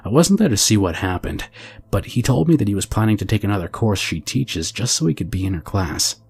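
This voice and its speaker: A man reading a viewer's true scary story aloud in a steady, measured storytelling delivery. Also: fairly low pitch, vocal fry, slightly rough. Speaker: horror story narrator. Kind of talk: scripted narration of a reader's true story.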